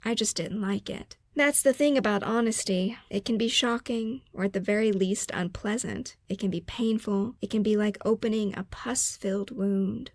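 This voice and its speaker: A woman hosting a self-care podcast, reading her own personal story aloud in an earnest, measured way and slowing down for emphasis. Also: medium pitch, no echo. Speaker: podcast host.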